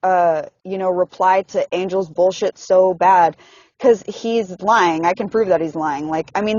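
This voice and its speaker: A woman's voice: on the low side, fairly even intonation, measured pace, darkish tone, no echo, muffled recording. A young woman venting in a casual, frustrated monologue, swearing often and filling her talk with "like". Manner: frustrated, profane, heavy use of "like". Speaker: person venting in a voice message.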